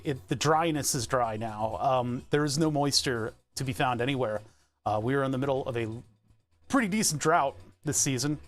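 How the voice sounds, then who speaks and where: A nasal-voiced American man rambling casually to his live-stream viewers while he works, laughing often. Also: mid-range voice. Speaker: livestreamer.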